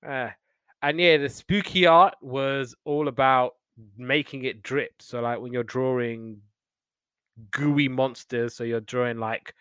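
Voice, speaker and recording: A young man, a podcast host, chatting casually and retelling old TV episodes in a rambling, animated way. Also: mid-range voice, slow, smooth, dry recording. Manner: rambling, animated retelling with playful quoted voices. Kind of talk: casual chat.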